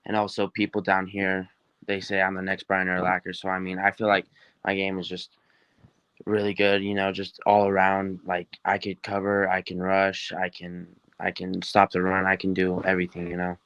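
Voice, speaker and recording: Upbeat young man, smooth flat voice. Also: low-pitched, moderate pace, no room sound, highs cut off. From New Mexico. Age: teens. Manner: upbeat, rambling with many fillers and restarts. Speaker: football recruit guest. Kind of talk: casual interview answers.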